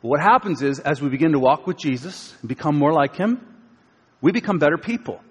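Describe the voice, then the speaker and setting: A man preaching a sermon as pastor, conversational, swinging from loud acted quotes to hushed lines. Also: fairly high pitch, expressive, fairly quick, breathy edge. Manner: conversational, dramatic shifts between loud and hushed. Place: church auditorium. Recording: long reverb of a church hall.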